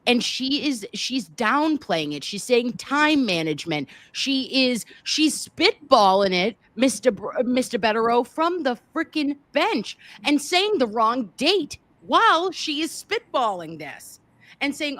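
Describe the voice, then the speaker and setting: Woman host, casual commentary; exasperated, slangy, animated; dry close mic. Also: on the high side, measured pace, no room sound.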